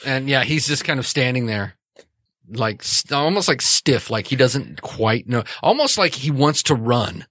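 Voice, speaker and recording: Male game master, mid pitch, loose casual narration, close dry sound. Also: big pitch swings, measured pace, a bit bright, breathy edge, no room sound. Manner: casual, hesitant narration with many fillers. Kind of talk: narrating a tabletop role-playing game.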